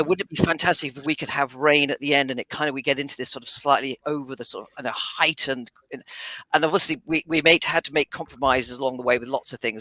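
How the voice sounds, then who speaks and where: A man's voice: mid-range voice, bright, forceful tone, no room sound. A man, a film director and guest on a livestream podcast, talking enthusiastically and stumbling over his words.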